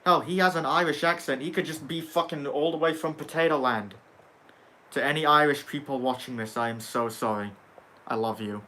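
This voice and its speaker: Young male streamer, bright tone, sarcastic casual banter with chat. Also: on the high side, a little fast. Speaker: livestream host reading chat.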